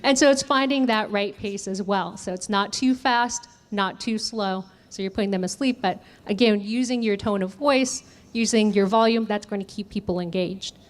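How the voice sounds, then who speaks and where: A woman's voice: mid-range voice, normal speed, hardly any pauses. A woman running a communication workshop, asking the audience questions and demonstrating voice techniques. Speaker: communication trainer. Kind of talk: interactive workshop teaching.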